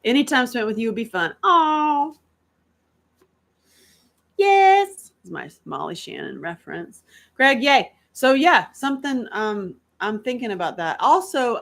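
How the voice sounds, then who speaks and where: Chatty, candid woman with a lowish voice. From North Carolina. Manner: animated, candid, laughs often, quick asides. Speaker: host. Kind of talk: casual live-stream chat.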